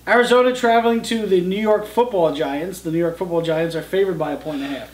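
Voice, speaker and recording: A man's voice: high-pitched, fast, reverberant, recorded from a distance. A man co-hosting a casual football betting chat, reading out each matchup and spread like an announcer. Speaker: co-host of a sports picks show.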